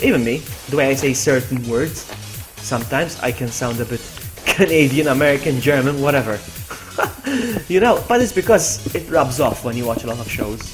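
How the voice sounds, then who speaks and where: A man's voice: medium pitch, poor audio. Chatty man streaming a game. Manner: rambling, self-correcting, answers chat aloud. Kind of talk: casual live-stream chat. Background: game music.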